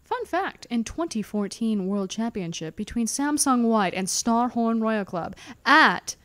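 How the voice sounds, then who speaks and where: A woman co-hosting a podcast in casual chat, lively and opinionated, with quick jokes. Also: a little high. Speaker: esports podcast co-host.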